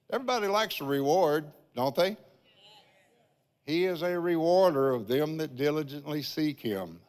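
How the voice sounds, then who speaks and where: An older man preaching a sermon in a church, telling a folksy personal testimony and often calling out "Amen" to the congregation. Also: medium pitch. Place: large church sanctuary. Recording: long church-hall reverb.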